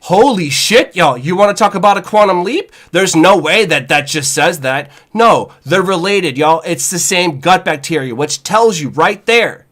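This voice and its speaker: Chef guy on a podcast, swearing a lot, fired up, kinda high voice. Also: normal speed, hardly any pauses. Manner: animated, profane, says "y'all" and "you know what I'm saying". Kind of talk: casual podcast rant.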